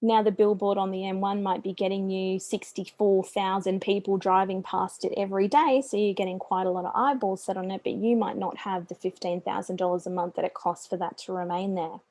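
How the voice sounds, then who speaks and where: Brief: Australian woman, middle-aged business coach, warm mellow voice, chatty and upbeat, dry close sound. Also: mid-range voice, fairly even intonation, fairly quick, hardly any pauses, no room sound. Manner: chatty and upbeat, with friendly asides. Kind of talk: business presentation.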